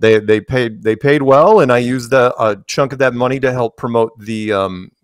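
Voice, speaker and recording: A man's voice: medium pitch, moderate pace, clean tone, no echo, studio quality. A man in casual conversation, telling long stories with many restarts and acted-out quotes. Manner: rambling, restarts, acts out quoted dialogue. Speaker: interview guest.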